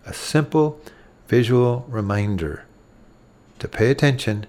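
A middle-aged man hosts a parenting talk at a middle pitch. He speaks earnestly and acts out the gentle words a parent might say to a child. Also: unhurried. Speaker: parenting podcast host. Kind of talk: instructive talk.

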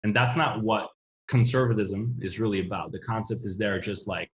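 A man's voice: lowish voice, fairly even intonation, normal speed. A man talking politics in a rambling, casual way, full of fillers and restarts. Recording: roomy, dull lo-fi sound.

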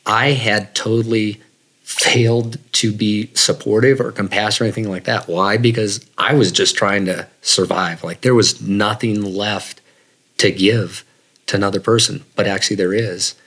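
A man's voice: fairly low pitch, steady tone, moderate pace, a bit bright, breathy edge. A man, a guest runner, telling personal stories in an interview in a casual, reflective way with many fillers. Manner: reflective, casual, lots of fillers like "you know". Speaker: guest, long-distance runner. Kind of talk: storytelling in an interview.

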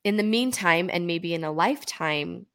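A middle-aged woman hosts a heartfelt talk and affirms her guest openly. Her voice sits a little low. She speaks in a conversational way. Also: expressive, normal speed. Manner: warm and open, affirming. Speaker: host. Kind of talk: therapy-style conversation.

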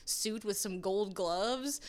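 A woman co-hosting a movie podcast, chatting casually about a film with lots of "like" and animated asides. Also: mid-range voice, slow. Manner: animated, chatty, trailing fillers like "like" and "you know". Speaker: podcast co-host. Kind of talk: casual movie review chat.

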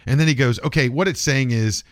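A man's voice: medium pitch, fairly quick, no room sound. Man, podcast host, rambling, swears freely, dry close sound. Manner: rambling, profane, chuckling. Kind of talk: casual chat.

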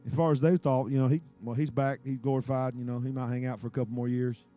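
A man preaching a sermon, animated and emphatic, swinging between loud peaks and quiet asides. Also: medium pitch, fast talker, faint music behind.

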